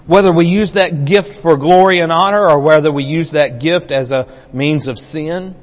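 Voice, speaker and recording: A man's voice: fairly high pitch, moderate pace, long reverb tail. A man preaching a sermon in a church, telling stories in a folksy way with many repeated words.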